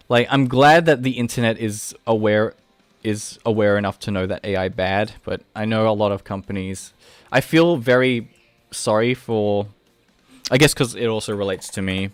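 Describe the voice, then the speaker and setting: Laid-back Australian man, low voice. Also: clear, resonant tone, dry recording. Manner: rambling, relaxed, many fillers and restarts. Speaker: animator streaming live. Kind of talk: casual livestream chat.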